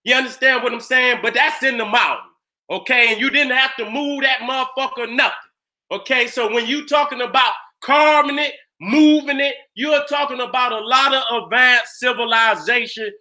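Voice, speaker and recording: Guy going off in a lecture, super high sharp voice, cussing, keeps asking y'all if you follow, yells to make a point. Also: steady tone, normal speed. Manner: emphatic and profane, constantly checking in with listeners; bursts into shouts for emphasis. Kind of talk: fiery presentation.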